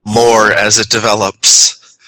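A man's voice: fairly low pitch, level tone, takes it slowly, pushed and bright, dry recording, faint music behind, rough recording. A man co-hosting a podcast, joking playfully in casual chat.

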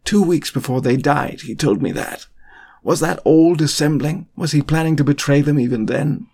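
In an audiobook reading, a man voices an earnest, desperate grown wizard, pushing his mellow voice up to the high side at normal speed. He delivers urgent, pleading questions in an anguished mood.

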